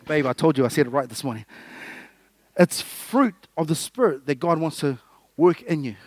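A man with a high voice preaches with playful energy, jumping from loud bursts to quiet asides. He acts out small scenes and jokes with the room. The sound is close and dry. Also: moderate pace, no room sound. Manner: lively, jokey, acts out little scenes. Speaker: pastor. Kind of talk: sermon.

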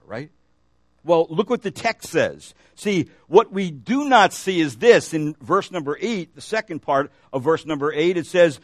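Dry, fairly high-voiced male preacher. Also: no echo. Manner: asks the congregation questions, reads scripture aloud. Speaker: pastor. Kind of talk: sermon. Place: church.

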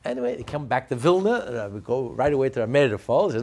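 Speaking fast in a mid-range voice, a man teaches a religious lesson through a story. He narrates with energy and animatedly acts out the characters' lines.

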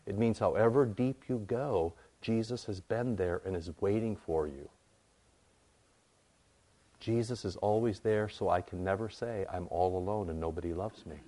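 A male pastor delivers a sermon in a relaxed, conversational tone. His voice sits a little low. He builds his points through emphatic, repeated phrases. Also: normal speed.

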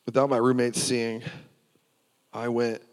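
A man's voice: mid-range voice, little pitch movement, a little slow. Man giving testimony in a reverberant hall. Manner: earnest storytelling with restarts. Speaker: preacher sharing his testimony. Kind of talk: personal testimony.

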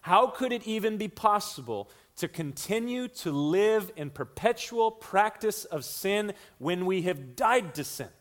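A man's voice: high voice, animated. Earnest male preacher teaching scripture. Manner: earnest teaching, shifts between slow emphasis and quick runs; repeats lines for emphasis. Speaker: pastor. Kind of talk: expository sermon.

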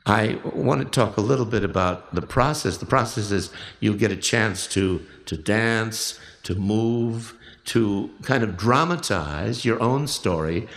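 A man leading a workshop and giving measured, reflective spoken instructions for a recorded exercise, often restarting his phrases. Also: on the low side, fairly bright tone, roomy sound. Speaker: workshop leader.

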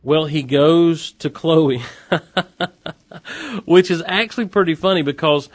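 A man's voice: on the high side, slow pace, no echo. Chatty man recapping an episode, dry sound. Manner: chatty, animated, wry asides.

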